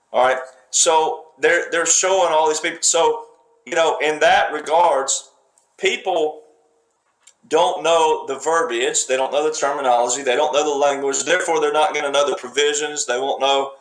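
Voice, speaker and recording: Speaking at a normal pace, this man's voice is a little high with fairly even intonation and a fairly bright tone as he gives political commentary. His lecturing style is emphatic and repetitive, broken into fragments. A roomy echo surrounds him.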